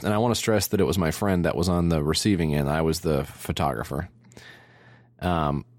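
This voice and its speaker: A man co-hosting a comedy podcast, telling crude stories in a rambling, deadpan way. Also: sits low, no room sound, clean studio sound. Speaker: podcast co-host. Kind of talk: casual comedy chat.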